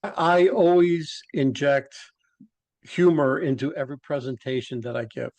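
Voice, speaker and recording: A male podcast host with a fairly high voice, talking casually. He explains his points in quick, chatty bursts. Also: fairly even intonation, darkish tone.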